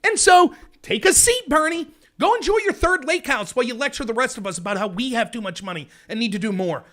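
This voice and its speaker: A man hosting a political commentary livestream, ranting in an animated, sarcastic way. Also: extremely high pitch. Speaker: host.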